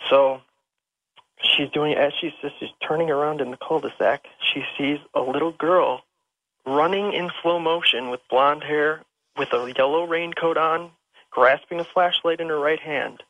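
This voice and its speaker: Gravelly male caller on a phone line. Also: fairly high pitch, fairly even intonation, unhurried, no room sound. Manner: rambling, emotional, with many restarts. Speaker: radio show caller. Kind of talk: telling a personal ghost story. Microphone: telephone.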